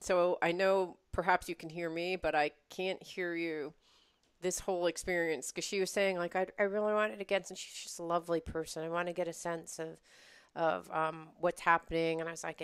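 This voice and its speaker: Lively storytelling woman, smooth and dry. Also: lowish voice, moderate pace, dry recording. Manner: animated storytelling with restarts and laughs. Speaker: podcast co-host. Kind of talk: casual chat.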